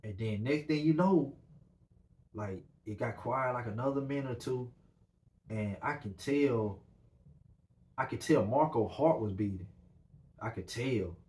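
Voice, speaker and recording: A man's voice: medium pitch, measured pace, pauses often. Rambling man telling a story. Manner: animated, rambling with many fillers. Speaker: podcast host. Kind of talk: casual storytelling. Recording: roomy echo.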